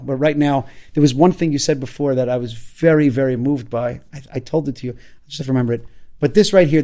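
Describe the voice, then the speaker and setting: A man from Brooklyn, a musician guest in a casual interview, talking haltingly with many restarts. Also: fairly high pitch, a little mellow. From Brooklyn, USA. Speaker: guest, recording artist.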